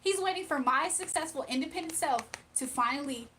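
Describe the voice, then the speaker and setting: A woman talks through a spiritual reading in a casual, emphatic way, often repeating herself. Her voice sits high. Faint room ambience hums underneath. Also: a little fast, fairly bright tone, slight background noise. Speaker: spiritual reader.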